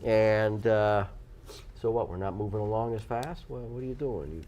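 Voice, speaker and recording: A man's voice: on the low side, moderate pace, dark tone, lo-fi sound. A man co-hosting a live local TV shopping show, chatty and talkative, who jumps now and then into a mock tough-guy voice. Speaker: local TV co-host. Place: TV studio.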